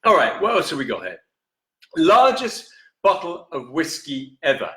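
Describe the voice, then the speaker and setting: A man's voice: fairly high pitch, huge pitch swings, normal speed, pushed and bright, reverberant. A man hosting a live whisky show in a casual chatting way, reading out viewer comments and correcting himself as he goes. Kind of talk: casual live-stream chat. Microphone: camera in front, steps out of frame.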